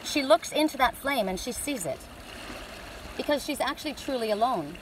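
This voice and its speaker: A woman's voice: high voice, expressive, normal speed, background noise. A middle-aged woman giving a spiritual oracle card reading, talking in a rambling, heartfelt and emotional way.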